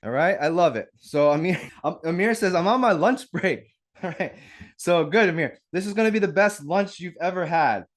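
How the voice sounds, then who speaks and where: A man hosts a live real estate webinar, speaking energetically and upbeat straight to his audience through a video call mic. His voice is fairly high, at a normal speed.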